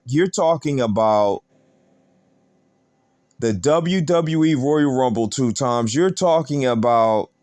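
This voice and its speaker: Male host for wrestling news commentary; fairly high voice, slow deliberate pace, emphatic and repetitive. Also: darkish tone, no room sound. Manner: emphatic, repetitive, rhetorical questions.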